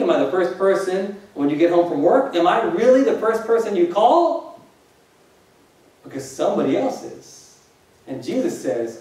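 High-voiced preacher in an echoey hall. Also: male voice, darkish tone. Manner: conversational, jokey preaching with rhetorical questions to the congregation. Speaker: pastor. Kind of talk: sermon. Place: church hall. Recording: echoey hall, distant mic.

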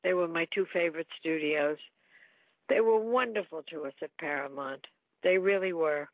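A woman's voice: low-pitched, normal speed, dry recording. An older actress, telling chatty stories about her film career in an interview. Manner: chatty storyteller, lively quoted asides. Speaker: actress guest. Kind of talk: reminiscing interview. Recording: tinny phone-like line.

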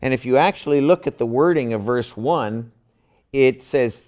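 A man's voice: mid-range voice, animated, a little slow, warm tone. An older man teaching a Bible class, asking his listeners questions and leaning hard on key words.

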